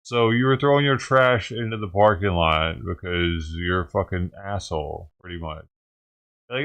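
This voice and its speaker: A man's voice: sits low, normal speed, gravelly, a bit bright. A man hosting a vlog who rants and swears heatedly while reacting to a news clip. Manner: heated, ranting, swears often. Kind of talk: profane reaction commentary.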